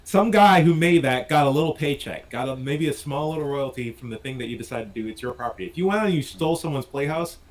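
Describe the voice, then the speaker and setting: A man's voice: fast talker, hardly any pauses. A man riffing on a news panel in casual talk, acting out bits in voices. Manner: animated, jumps into high mock voices for bits. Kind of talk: opinionated panel chat.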